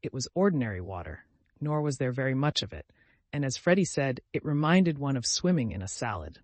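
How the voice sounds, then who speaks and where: Man narrating an audiobook, animated. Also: medium pitch, fairly quick, no room sound. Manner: expressive storytelling reading. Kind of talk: scripted narration.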